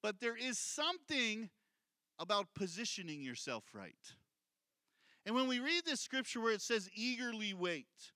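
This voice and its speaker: Bright high-voiced male preacher. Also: no room sound. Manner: conversational preaching, repeats key points, asks the congregation questions. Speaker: pastor. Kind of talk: sermon.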